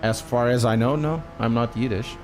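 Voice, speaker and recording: A man's voice: medium pitch, normal speed, a little mellow, faint music behind. A man from Portugal with a Portuguese accent, chatting with his live-stream viewers as he plays a racing game and swearing freely. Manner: chatty, swears often, talks to chat. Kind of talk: live-stream commentary while gaming.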